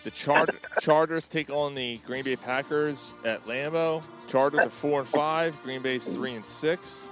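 A man's voice: a little high, unhurried, hardly any pauses, fairly bright tone, faint music behind. A man hosting a casual sports podcast, chatting in a laid-back, profane way.

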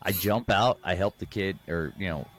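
A man's voice: low voice, normal speed, no echo. A man co-hosting a casual podcast, joking along and sharing his own errand routine in a laid-back way. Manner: laid-back, chimes in with jokes and short agreements. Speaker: podcast co-host. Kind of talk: casual chat.

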